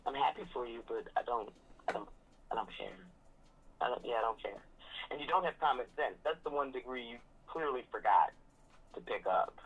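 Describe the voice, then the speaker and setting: A woman's voice: a bass voice, animated, a little fast, slightly rough. A sassy woman gossiping about reality TV on a dull, lo-fi recording. She talks animatedly and drops into mocking impressions of the cast. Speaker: reality TV commentator. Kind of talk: casual recap chat.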